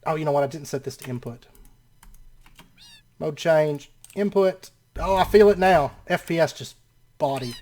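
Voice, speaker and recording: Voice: mid-range voice, lively intonation, normal speed, darkish tone, a little hiss or hum. A host giving casual gameplay commentary, often laughing and exclaiming in disbelief, rambling and correcting themself as they narrate each action. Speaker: let's play host.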